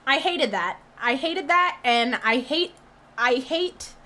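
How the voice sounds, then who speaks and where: A young woman streaming, reacting loudly with shrieks and swearing, then rambling casually about what she watched. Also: high voice, animated, takes it slowly, a little hiss or hum.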